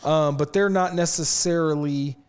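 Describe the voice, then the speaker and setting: A man hosting a casual sports talk show in a studio, animated and quick to laugh. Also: a little high, smooth.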